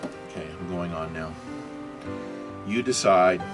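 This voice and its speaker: Speaking slowly in a low-pitched voice over background music, a man hosts his own video. He offers a rambling, unscripted monologue on politics and religion, dotted with rhetorical questions, fillers and self-corrections.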